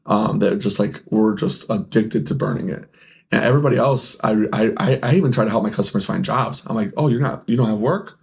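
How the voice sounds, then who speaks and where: A man's voice: lowish voice, brisk, vocal fry, darkish tone. A young man, a podcast co-host who owns a game store, telling rambling stories in casual chat, laughing often and acting out the people he quotes.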